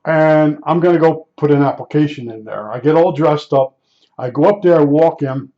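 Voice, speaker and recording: A man's voice: on the high side, normal speed. An older man from New Jersey telling a rambling personal anecdote in a casual, conversational way, full of fillers and restarts. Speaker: storyteller. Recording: dull lo-fi recording.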